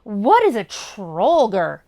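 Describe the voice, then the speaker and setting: An angry little goblin in a storybook, eerie and suspicious, as a woman reads him. He speaks slowly, drawing out each word. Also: mid-range voice, huge pitch swings, warm tone, dry recording, studio quality, pitched below the performer's own voice, exaggerated voice.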